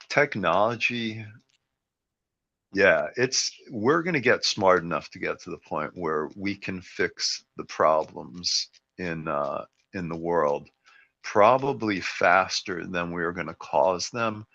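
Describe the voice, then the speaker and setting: A man's voice: sits low, vocal fry, sharp tone. A man hosting a podcast, rambling through opinions in casual chat. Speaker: podcast host. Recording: dull lo-fi sound.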